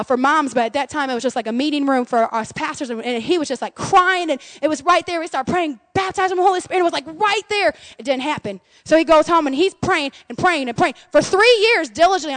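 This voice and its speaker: High-voiced woman pastor, fervent sermon. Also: no echo. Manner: impassioned, swings from loud cries to hushed tones.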